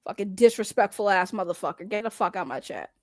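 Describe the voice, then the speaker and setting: A woman's voice: medium pitch, lively intonation, quick pace, no echo, studio quality. A young woman hosting a livestream, ranting bluntly to her chat with constant swearing. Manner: blunt, heavy swearing, talks straight to chat. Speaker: livestream commentary host.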